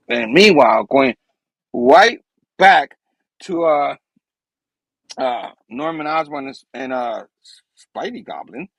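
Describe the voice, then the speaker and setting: Gravelly, animated male show host. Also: mid-range voice, slow, pauses often, no room sound, low-quality recording. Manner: animated, rambling, chuckles often. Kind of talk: animated comic book recap.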